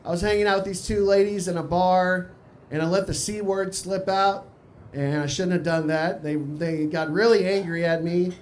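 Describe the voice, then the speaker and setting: A man from Texas works a small cafe stage, his voice sitting fairly high for a man. He talks in a dry, offhand way and drops crude asides casually. A faint hum of room noise sits behind him. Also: fairly even intonation, normal speed. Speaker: stand-up comedian. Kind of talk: live stand-up set.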